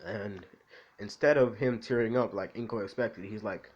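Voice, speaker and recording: A man's voice: fairly low pitch, moderate pace, a little mellow, breathy edge, muffled recording. A man casually retelling a fan-made story, rambling with lots of fillers. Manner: rambling, full of "like" and "you know".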